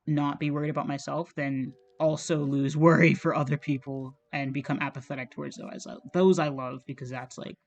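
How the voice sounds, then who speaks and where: A man's voice: a little high, muffled recording. A man streaming while he draws, talking in a rambling, casual way, full of "like" and swearing. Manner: rambling, heavy use of "like", frequent swearing. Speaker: art streamer.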